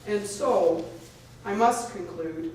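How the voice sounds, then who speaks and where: A woman, a lawyer and advocate, gives an earnest, hurried public speech at an event, often restarting her sentences. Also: mid-range voice, darkish tone. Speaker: lawyer and advocate speaking at a rally. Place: lecture hall at a public event. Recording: echoey hall, far from the mic, faint noise.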